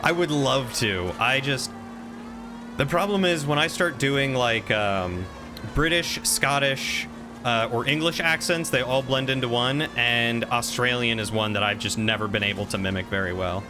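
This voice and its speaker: A man's voice: medium pitch, moderate pace, over music. A man from the American South streaming a game, chatting with viewers in a playful, defensive way. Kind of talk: casual gameplay chat with viewers.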